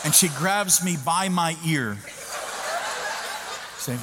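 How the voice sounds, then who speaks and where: Animated man preaching in an echoing hall. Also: on the high side, unhurried. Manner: animated, self-mocking, with frequent restarts. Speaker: pastor. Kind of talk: storytelling sermon. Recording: echoey hall with background noise.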